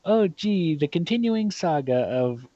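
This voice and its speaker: A man from the Southern US with a Southern accent, chatting excitably and swearing while playing a game. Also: fairly high pitch, measured pace, dry recording. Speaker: let's play host. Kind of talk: casual gaming chat. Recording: dull lo-fi recording.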